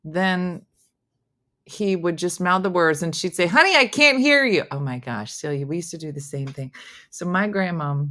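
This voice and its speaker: On a relaxed morning chat show, a middle-aged woman reads viewer comments at a normal pace, her pitch fairly low. Her family stories come alive as she animatedly impersonates the voices within them.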